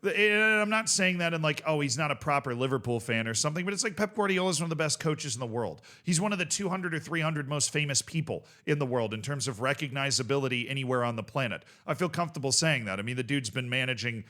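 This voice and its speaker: A young man hosting a casual video reaction show, talking in an animated, rambling way with swearing and bursts of laughter. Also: mid-range voice, quick pace, hardly any pauses. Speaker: host.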